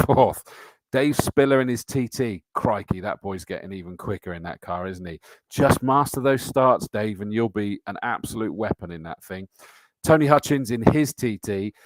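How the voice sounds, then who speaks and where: Hosting a motor racing live stream, a middle-aged man reads out viewer comments and entry lists in a chatty, matey manner. His voice sits on the low side, with no room sound.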